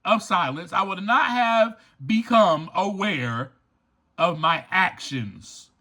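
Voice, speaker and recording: Man, podcast host, motivational talk, high lively voice, emphatic, repeats himself. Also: slow pace. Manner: emphatic and preachy, repeats key lines.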